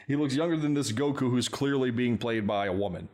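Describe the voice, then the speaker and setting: A man's voice: mid-range voice, fairly quick, a little mellow. Wry, laughing man recapping a film. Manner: wry play-by-play, laughs often at his own jokes. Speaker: podcast host. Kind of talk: casual podcast chat recapping a film.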